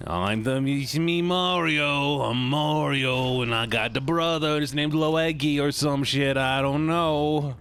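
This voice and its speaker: A man voicing a boastful cartoon plumber in a slow, stretched-out impression. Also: fairly high pitch, fairly bright tone, a little hiss or hum, voice pushed up.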